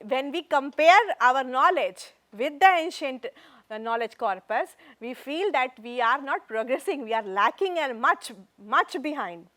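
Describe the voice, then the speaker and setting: A woman's voice: high-pitched, expressive, measured pace, a bit bright. A woman with an Indian English accent giving a classroom lecture, explaining step by step and counting out patterns. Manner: explanatory, counts out recitation patterns, switches into Hindi asides. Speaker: university lecturer.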